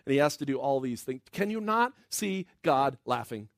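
A man giving a sermon, retelling a Bible story with playful asides and quick impressions of the characters. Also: medium pitch, big pitch swings, no room sound. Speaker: preacher.

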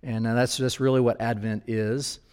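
A man's voice: mid-range voice, little pitch movement, moderate pace, a little mellow, smooth, big-room sound. A man giving a conversational sermon as a pastor, talking straight to his listeners and asking them questions. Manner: casual, talks directly to listeners with questions.

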